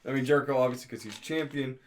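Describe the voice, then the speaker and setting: A man's voice: mid-range voice, racing. A man co-hosting a podcast, chatting about wrestling with dry, teasing quips. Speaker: podcast co-host. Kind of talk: casual wrestling chat.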